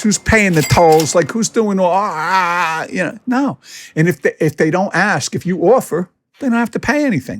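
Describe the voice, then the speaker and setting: A man's voice: on the high side, animated, moderate pace. A man in his fifties, a podcast host, talking in a blunt and candid way, with many restarts, in a casual monologue. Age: 50s.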